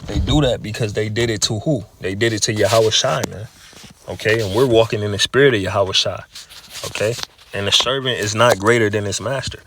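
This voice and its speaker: A man's voice: on the low side, a little fast, background noise. A man giving a casual spoken religious testimony, profane and full of repeated words and fillers like "you know", "man" and "okay". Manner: profane, repeats words and fills with 'you know', 'man', 'okay'. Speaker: religious speaker.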